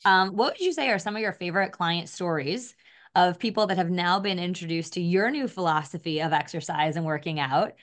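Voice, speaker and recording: A woman's voice: on the low side, animated, brisk. A woman co-hosting a podcast, chatty and upbeat as she interviews a guest. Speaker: podcast co-host.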